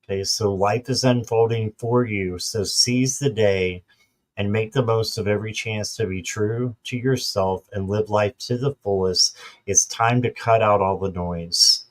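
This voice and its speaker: Male tarot reader, lowish voice, laid-back chat with pauses and fillers. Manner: relaxed, hesitant with fillers. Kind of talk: casual tarot reading.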